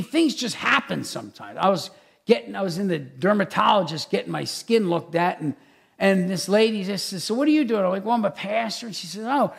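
Lively high-voiced gravelly male pastor. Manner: animated, chatty, many fillers and asides. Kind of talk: conversational sermon.

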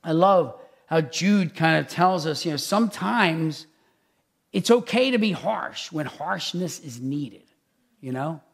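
Male pastor, high voice, gravelly edge, chatty animated sermon. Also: slow. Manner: animated, chatty, many fillers and asides. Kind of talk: conversational sermon.

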